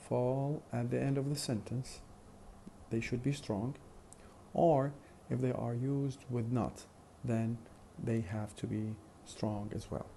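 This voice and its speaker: In a recorded lecture, a phonetics teacher speaks in a gravelly, dark, mid-range voice. He works methodically, using many fillers and repeating examples, with slight background noise present.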